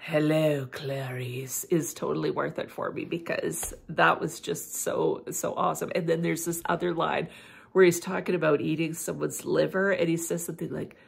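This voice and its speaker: Husky, gravelly-voiced chatty woman. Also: low voice, normal speed. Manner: chatty and animated, full of "like" fillers. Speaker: beauty and fragrance vlogger. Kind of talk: casual chat.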